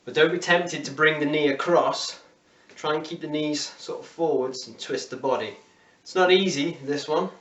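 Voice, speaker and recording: A man's voice: on the high side, moderate pace, fairly bright tone, reverberant, far from the mic, muffled recording. A man with an English accent leading a home workout class, encouraging and counting down reps. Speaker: fitness instructor.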